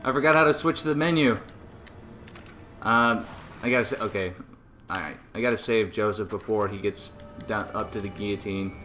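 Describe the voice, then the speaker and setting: A man's voice: on the low side, moderate pace, long pauses, pushed and bright, soft background music. Laid-back Boston man playing a game. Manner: laid-back, self-mocking, swears casually. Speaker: let's play gamer. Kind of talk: casual gameplay commentary.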